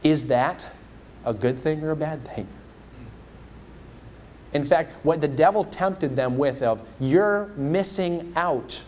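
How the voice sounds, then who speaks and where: A man's voice: on the high side, a little slow, pauses often, mellow, slight background noise. A male evangelist preaching a sermon in a church. He asks the congregation many rhetorical questions.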